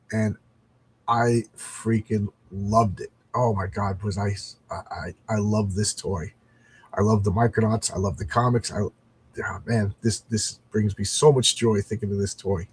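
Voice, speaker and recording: Husky middle-aged man rambling about comics. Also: lowish voice. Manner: rambling and enthusiastic, frequent restarts. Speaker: comics livestream host. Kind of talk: casual livestream chat.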